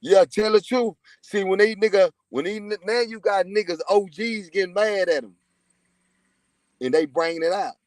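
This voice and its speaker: A man's voice: sits high, moderate pace, no room sound. A man from Texas, telling prison stories in a profane, boastful, rambling way. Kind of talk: casual livestream chat.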